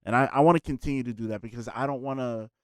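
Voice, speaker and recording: A man in a casual podcast chat, telling stories in an animated, profane way. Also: medium pitch, racing, smooth, no room sound, clean studio sound.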